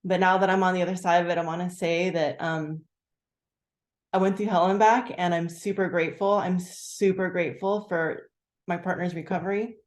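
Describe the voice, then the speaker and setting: A woman leading a group, sharing her story candidly and haltingly, full of "like" fillers, on a video call. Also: lowish voice, fairly even intonation, reverberant. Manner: candid, halting, many "like" fillers, bursts of acted-out quotes. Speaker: team leader sharing gratitude.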